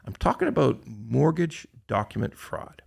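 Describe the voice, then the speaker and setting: A man's voice: mid-range voice, sing-song, normal speed, vocal fry, husky. A man hosting a casual podcast chat, swearing freely, laughing often and restarting his sentences with repeated words. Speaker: podcast host.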